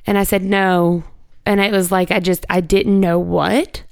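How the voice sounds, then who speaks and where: A woman speaks with a gravelly edge and a smooth, resonant tone. She tells a personal story as an interview guest, casual and candid, full of "like" and a few swear words. The sound is close and dry. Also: medium pitch, level tone, normal speed, a little mellow, no room sound. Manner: conversational, heavy use of "like", candid with swearing.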